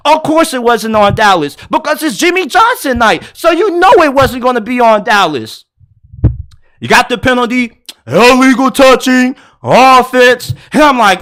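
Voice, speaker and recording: A man hosting a solo sports podcast, retelling a game in an excitable, animated way with casual slang. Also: very high voice, moderate pace.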